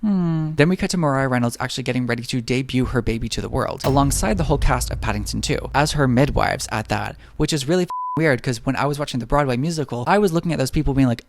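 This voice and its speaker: A man's voice: medium pitch, a little hiss or hum. A man giving a comedic, sarcastic movie recap, slipping into put-on voices for the characters. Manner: sarcastic, rapid-fire jokes with put-on quote voices.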